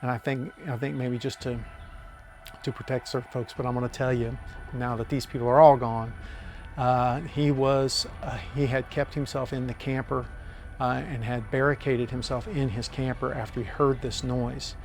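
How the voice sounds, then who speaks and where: An older man, speaking at a middling pitch. He tells his story earnestly and at length, often pausing on "uh" as he goes. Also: little pitch movement, soft background music. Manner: earnest, drawn-out storytelling with many uh fillers. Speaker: landowner interviewee. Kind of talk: storytelling interview.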